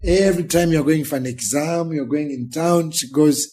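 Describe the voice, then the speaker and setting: A man's voice: a little high, normal speed, dark tone, a little hiss or hum. A Ugandan man, a pastor in his thirties or forties, telling his life story as an interview guest and acting out the people in it. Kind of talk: emotional storytelling in a sit-down interview.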